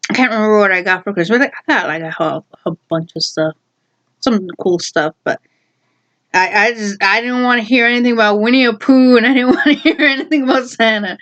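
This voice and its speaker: A woman's voice: fairly high pitch, brisk, a bit bright, dull audio. A woman telling a personal story in casual chat, rambling with lots of fillers and frequent laughs.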